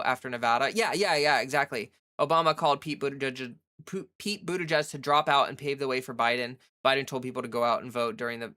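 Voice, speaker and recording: A woman's voice: very deep voice, a bit bright. A woman hosting a casual livestream from home, chatting loosely with many "like" fillers and answering viewers' chat. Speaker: livestream host.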